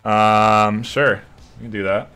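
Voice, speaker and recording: A man's voice: on the low side, fairly even intonation, takes it slowly, bright, forceful tone, faint music behind. A man casting a live esports match, rambling loosely and swearing casually. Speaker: esports shoutcaster. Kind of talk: casual live stream commentary.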